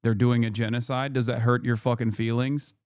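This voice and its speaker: A man hosts a political commentary stream, talking heatedly and emphatically, swearing often and repeating his points. His voice is medium-pitched, level, brisk, darkish and smooth. The audio is studio quality with no echo.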